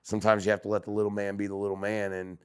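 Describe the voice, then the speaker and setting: A man on a podcast as a guest, chatting casually and telling animated stories, acting out quotes. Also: on the low side, racing, clear, resonant tone. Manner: animated storyteller who acts out quotes.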